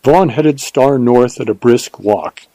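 A man reading a western novel aloud as narrator, in a measured, even storytelling manner. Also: mid-range voice, dry recording, poor audio. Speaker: audiobook narrator. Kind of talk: scripted narration.

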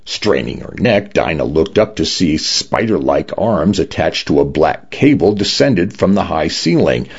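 Deep husky guy reading a story, lots of ups and downs, kinda muffled lo-fi sound. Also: unhurried, hardly any pauses. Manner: expressive storytelling. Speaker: narrator. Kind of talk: scripted audiobook narration. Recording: dull lo-fi recording.

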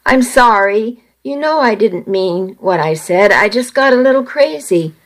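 A young man with a quick temper and a soft heart, talking his way back into favor, read by a woman. His lines come slow and unhurried, coaxing and apologetic, in a storybook reading. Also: mid-range voice, lively intonation, close to an everyday voice. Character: young adult man, boyfriend, hot-tempered but sweet.

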